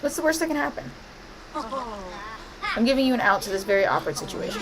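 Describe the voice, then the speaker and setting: A woman's voice: on the high side, lively intonation, a little fast, a loud crowd, very noisy. A woman streaming a life-sim game, commenting playfully and bossing her characters around. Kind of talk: live gameplay commentary.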